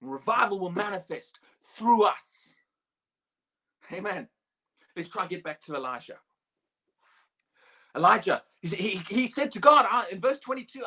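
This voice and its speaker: A preacher delivering a sermon, animated and expressive, with frequent laughs. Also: mid-range voice, normal speed. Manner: animated, acts out the quoted speech in a raised voice, laughs often.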